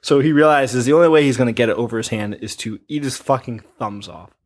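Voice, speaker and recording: A man's voice: medium pitch, fast. A man co-hosting a podcast, discussing a horror movie in a laid-back, joking and profane way. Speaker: podcast co-host. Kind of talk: casual movie recap chat.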